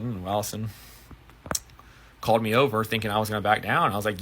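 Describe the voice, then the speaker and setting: A man's voice: lowish voice, fairly quick, slight background noise. A man, a bartender and manager, telling a profane story-time anecdote and acting out the quotes. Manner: profane, animated retelling with acted quotes.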